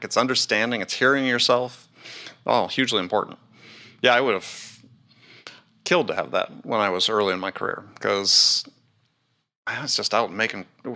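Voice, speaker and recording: A man hosting a podcast who explains his points in a measured way. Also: fairly low pitch, sharp tone. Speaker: podcast host. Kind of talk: conversational interview.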